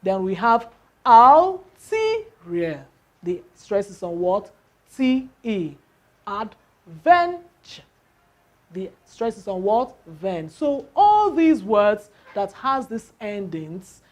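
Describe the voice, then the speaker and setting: Slow-speaking woman teaching a lesson. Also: medium pitch, expressive, mellow. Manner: slow, spells out letters, asks rhetorical questions. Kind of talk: classroom lesson on word stress.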